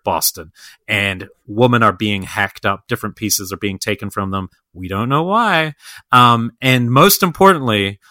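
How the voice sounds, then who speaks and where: A man's voice: on the low side, sharp tone, no room sound. A man co-hosting a podcast in casual film chat. He talks enthusiastically and rambles with lots of fillers and restarts. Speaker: podcast co-host.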